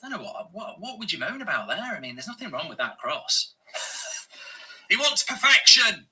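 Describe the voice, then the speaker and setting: A man reacting to a football match live as a fan channel host, exasperated and swearing, often breaking into shouted rants. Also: a little high, big pitch swings, quick pace, low-quality recording. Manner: swearing, exasperated, ranting at the game.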